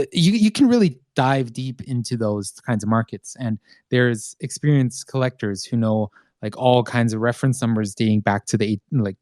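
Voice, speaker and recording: A man with a mid-pitched voice hosts a podcast chat, easygoing, tripping over a few words. The sound is close and dry. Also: dry recording. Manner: relaxed, stumbling restarts. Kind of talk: casual podcast discussion.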